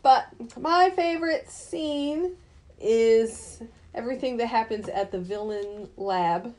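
A woman's voice: a little high, slow, darkish tone. A woman co-hosting a casual movie review podcast, laughing often between her points. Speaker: podcast co-host.

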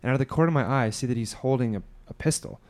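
A man's voice: mid-range voice, very fast, a little mellow. A man on a podcast telling a long story in casual chat, rambling with many fillers and restarts. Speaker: podcast co-host.

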